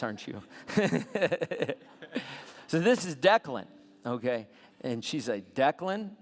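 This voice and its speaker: Gravelly pastor guy preaching, big loud bursts then quiet bits, long hall echo. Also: mid-range voice. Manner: animated storytelling with sudden loud peaks. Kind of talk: sermon. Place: church sanctuary.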